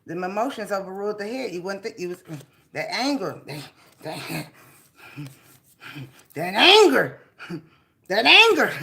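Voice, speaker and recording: A woman hosting a casual spiritual reading vlog, laughing often with a drawn-out, preachy delivery. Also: medium pitch, very animated, creaky, pushed and bright. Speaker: spiritual reader.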